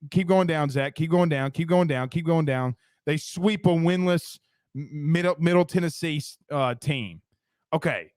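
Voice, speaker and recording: A man hosting a casual sports talk show, emphatic and quick, reading viewer comments aloud and ribbing his co-host. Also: a little high, no echo, studio quality.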